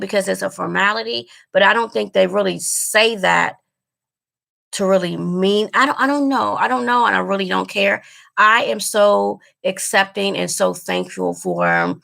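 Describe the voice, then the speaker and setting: A woman's voice: mid-range voice, vocal fry, bright, forceful tone. A woman vlogger talking straight to her viewers in casual chat, earnest and emotional, repeating herself as she goes. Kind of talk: casual direct-to-camera chat.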